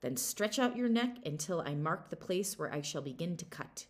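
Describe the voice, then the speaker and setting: A woman's voice: on the low side, expressive, normal speed, natural voice. A woman voicing a cheeky, mock-innocent young servant boy in a storybook reading. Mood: stern. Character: sly, cheeky young male servant lad.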